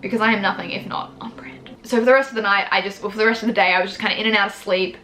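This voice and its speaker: A woman in her twenties tells a personal story straight to camera, frank and chatty, with the odd swear word. Her voice is bright and forward, and she talks at a quick clip, acting out what people said to her. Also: medium pitch, fairly even intonation. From Australia. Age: 20s. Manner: chatty, frank and swears freely, acts out her own quotes. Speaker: vlogger.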